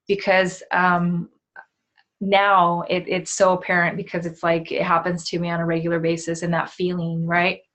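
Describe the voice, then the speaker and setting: A woman's voice: lowish voice, monotone, moderate pace, a bit bright. A woman in her forties co-hosting a talk show in a casual, heartfelt way, with lots of fillers and tag questions. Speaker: co-host. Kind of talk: casual chat.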